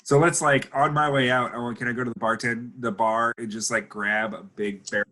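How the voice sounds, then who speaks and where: A man plays a tabletop game with playful, eager energy. His voice is mid-pitched with a bright, sharp tone. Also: steady tone, brisk. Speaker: player.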